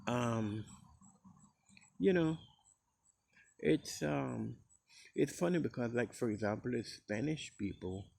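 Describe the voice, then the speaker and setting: A man's voice: medium pitch, expressive, slow pace, gravelly, pauses often, a little mellow. A middle-aged man from Costa Rica with a Costa Rican Caribbean Creole English accent, rambling easily in a casual recorded message. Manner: rambling and easygoing, with many fillers. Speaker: speaker sending a recorded message to a friend.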